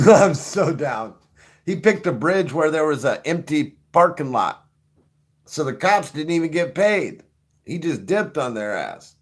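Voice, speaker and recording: A man's voice: on the high side, big pitch swings, unhurried. A middle-aged man hosting a show, chatting casually, swearing freely and laughing often as he rambles. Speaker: show host. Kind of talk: casual joking chat.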